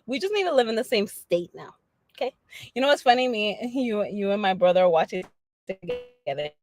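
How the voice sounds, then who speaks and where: A woman chatting casually on a livestream, animated and slangy, laughing often as she talks to her viewers. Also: mid-range voice, fairly quick, dry recording. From Dominican family background. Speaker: livestream host.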